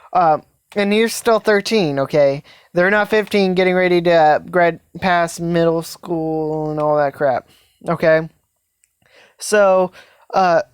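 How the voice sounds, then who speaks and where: A woman rambles through a story in a casual, halting way, full of fillers and restarts. Her voice is smooth and clear, a little on the low side, and recorded dry and close. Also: no echo. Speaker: fan story narrator.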